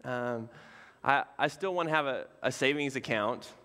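A man pastor preaching a sermon in a relaxed, conversational way, with casual asides and fillers. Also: mid-range voice, moderate pace, big-room sound. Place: church sanctuary.

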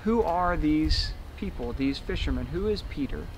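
Man, pastor, sermon, vivid storytelling, slightly high pitch, faint outdoor noise. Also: lively intonation, normal speed. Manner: vivid storytelling, acting out the scene.

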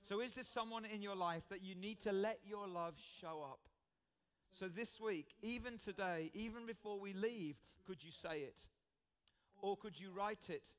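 A British man preaching a sermon in church, earnest and conversational, often repeating his key phrases. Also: sits high.

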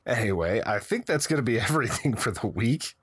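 A man's voice: medium pitch, animated, brisk, husky, dry recording, clean studio sound. A man hosting a podcast, easygoing in casual chat and plugging the show, laughing often. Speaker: podcast host.

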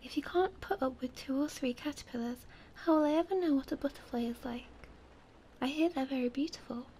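A woman voicing a proud, delicate female flower in a soft, whispered role-play. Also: high-pitched, fairly quick, slight background noise, close to an everyday voice. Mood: tender.

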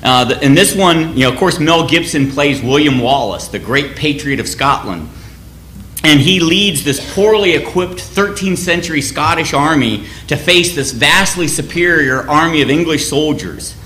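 A man's voice: fairly high pitch, expressive, normal speed, sharp tone, echoey room, a little hiss or hum. A man giving a sermon in a conversational, anecdotal way, often restarting his phrases. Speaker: church speaker.

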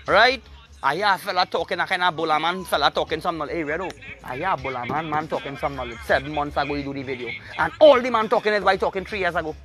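A man's voice: high-pitched, bright, forceful tone. Preachy man. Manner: preachy, rambling, emphatic. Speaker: show host. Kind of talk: rambling opinion monologue.

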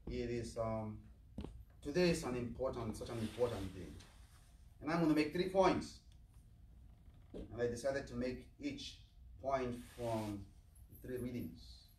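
Male priest, mid-pitched, earnest homily, roomy chapel, mic far off. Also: expressive, a little slow, pauses often, a little mellow, slight background noise. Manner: plain, earnest, asks the flock questions. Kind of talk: sermon. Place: chapel of a medical center.

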